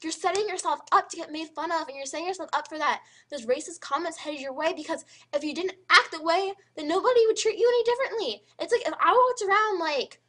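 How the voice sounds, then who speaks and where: A teenage girl ranting to camera in a vlog, emphatic and animated, with lots of "like" fillers. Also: very high-pitched, fast talker, few pauses. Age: teens. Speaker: high school student vlogger.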